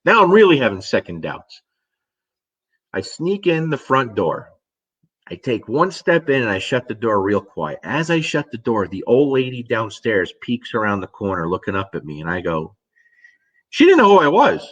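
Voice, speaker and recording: A middle-aged man, a dog trainer, casually telling a story and answering viewer questions, animated and swearing now and then. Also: lowish voice, normal speed, slightly rough, highs cut off. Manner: animated storyteller, swears casually, acts out his own reactions.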